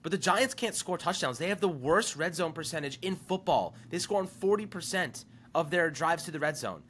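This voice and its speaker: Emphatic bright-voiced male football analyst. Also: a little high, lively intonation, moderate pace, a little hiss or hum. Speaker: sports podcast co-host. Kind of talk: casual sports talk.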